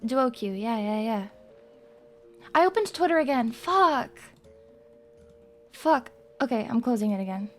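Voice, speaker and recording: A woman's voice: a little high, animated, unhurried, pauses often, soft background music. A young woman streaming live, chatting in a hyper, rambling and crude way with her viewers. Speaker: VTuber streamer. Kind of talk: casual live-stream chat.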